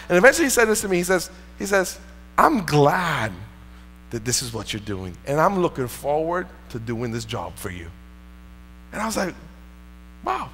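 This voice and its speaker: A man's voice: high-pitched, a bit bright. A male pastor preaching a sermon in a church, telling a personal story in an earnest, conversational way. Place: church sanctuary. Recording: long reverb in a church hall.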